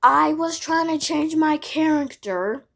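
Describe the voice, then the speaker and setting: A woman's voice: sits high, slow pace, creaky, fairly bright tone. A female voice telling a casual storytime vlog, rambling with lots of "like" and side remarks. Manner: rambling, filled with "like", frequent asides.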